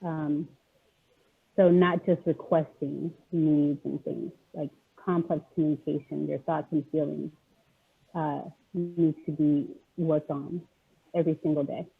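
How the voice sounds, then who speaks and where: A woman guest speaker explaining autism advocacy on a video call, halting with many pauses and fillers. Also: deep voice, steady tone, creaky, slightly rough. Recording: tinny phone-like call audio.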